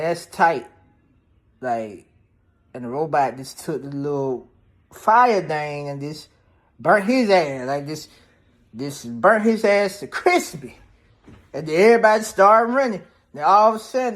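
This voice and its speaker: A man casually recapping a movie's plot in a loose, profane, slang-heavy way, peppered with "damn, bro". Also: on the high side. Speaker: movie reviewer.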